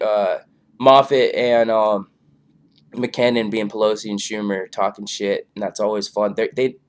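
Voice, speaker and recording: Laid-back, low-voiced man reviewing a show. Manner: loose, filler-heavy, laid-back. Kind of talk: casual rambling review.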